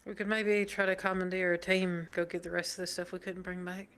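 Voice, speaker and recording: A woman voicing a sarcastic, weary female soldier in live role-play, talking in a dry, deadpan way. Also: lowish voice, fairly quick, clear, resonant tone.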